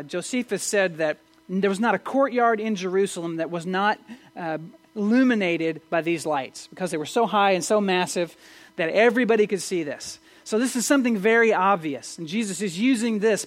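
A man preaching a sermon as pastor, animated and asking his listeners questions, with frequent restarts. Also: high voice. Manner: animated, asks the audience questions, many restarts.

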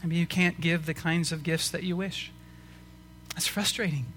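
Male pastor, earnest emphatic sermon delivery, bright tense tone, faint hum behind. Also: fairly high pitch, fairly even intonation, moderate pace. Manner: earnest, rising to emphatic preaching with rhetorical questions.

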